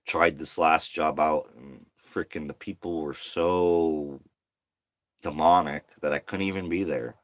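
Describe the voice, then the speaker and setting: A man's voice: very deep voice, fairly even intonation, measured pace, no room sound. A tired man venting to camera in a slangy, profane monologue, worn down and getting heated. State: exhausted.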